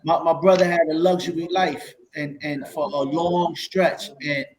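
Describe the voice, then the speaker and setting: New man, fairly high voice, warm-hearted slangy podcast co-host. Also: fairly even intonation, measured pace, a crowd in the background, poor audio. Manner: heartfelt and loose, with restarts and slang. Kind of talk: casual interview talk.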